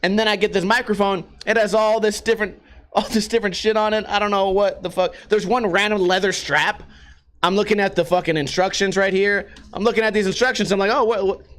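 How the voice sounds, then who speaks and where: A man's voice: high-pitched, steady tone, brisk, a bit bright. A man hosting his own podcast, ranting casually and profanely with a mocking edge. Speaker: podcast host. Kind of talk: casual rant. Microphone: podcast microphone.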